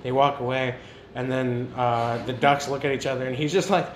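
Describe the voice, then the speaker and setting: A young man chatting casually with his siblings, an animated storyteller who retells scenes with laughter. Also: medium pitch, normal speed. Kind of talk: casual chat. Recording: echoey room with background noise.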